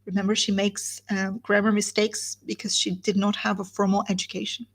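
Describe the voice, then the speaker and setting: A woman's voice: mid-range voice, flat delivery, brisk. A woman teaching literature, reading a novel aloud and stopping for explanatory asides. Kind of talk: live guided reading with commentary.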